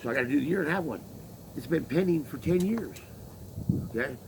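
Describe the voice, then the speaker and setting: Man, casual venting story, gravelly, slightly high, profane and rambling, faint background hiss. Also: animated, fast. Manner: profane, rambling, acts out quoted exchanges. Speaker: laborer telling his story.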